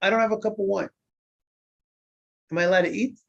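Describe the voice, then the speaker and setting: A man's voice: high voice, fairly even intonation, fairly quick, gravelly, a bit bright. A man, a rabbi, teaching an informal Talmud class, often repeating words and asking his students questions that he then answers himself. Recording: dull lo-fi recording.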